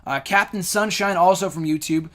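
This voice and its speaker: Chatty man with a higher voice. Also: normal speed, a bit bright. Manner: rambling, loose and opinionated with frequent fillers. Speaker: host answering fan questions. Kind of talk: casual chat.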